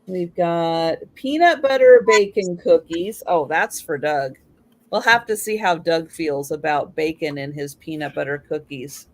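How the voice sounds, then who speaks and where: Woman host, slow and easygoing, chatty live-stream reading. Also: low-pitched. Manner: reads items aloud with chatty asides. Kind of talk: casual live-stream chat.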